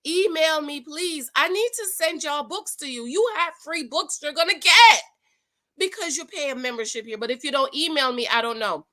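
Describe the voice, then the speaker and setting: A woman's voice: sits high, animated, normal speed, sharp tone. A woman hosting her own dating-advice show, talking straight to her viewers in a sassy, preachy, casual way. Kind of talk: casual reaction commentary.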